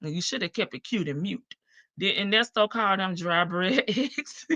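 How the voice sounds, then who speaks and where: A woman's voice: medium pitch, animated, unhurried, pushed and bright, no room sound, muffled recording. A woman hosting a live stream, giving sassy casual commentary on jail calls and answering chat. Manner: sassy, talks back to chat, laughs often.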